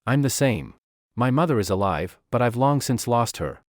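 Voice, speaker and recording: An obsessive young vampire woman speaks in a storybook recap, played by a male narrator in a dry close recording. She is clingy and devoted one moment, cold and possessive the next, and her declarations come out intense and lively. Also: mid-range voice, normal speed, no echo, close to an everyday voice.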